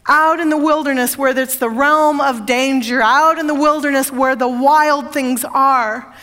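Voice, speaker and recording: A woman's voice: sits high, steady tone, a little slow, a bit bright, big-room sound. A woman pastor preaching a sermon, emphatic and repeating phrases for effect.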